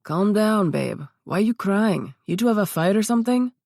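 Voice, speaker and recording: A woman reading the lines of a protective male biker, blunt and gruff with hard swearing. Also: high voice, lively intonation, moderate pace, a little mellow, dry recording, studio quality.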